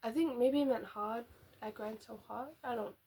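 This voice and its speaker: A woman's voice: on the high side, normal speed, dark tone, husky. A young woman chatting casually as a book vlogger, rambling and giggly as she reacts.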